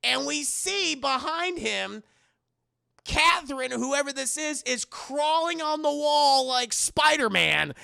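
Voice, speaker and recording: A man recapping a TV episode on a live stream, telling it in an animated, profane, laughing way. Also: extremely high pitch, slow, vocal fry. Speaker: TV review streamer.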